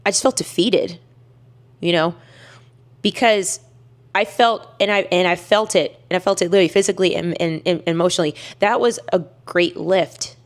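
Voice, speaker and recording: Young woman vlogging, lowish voice, candid and emphatic, lots of restarts. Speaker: weightlifter vlogger. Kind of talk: casual storytelling to camera.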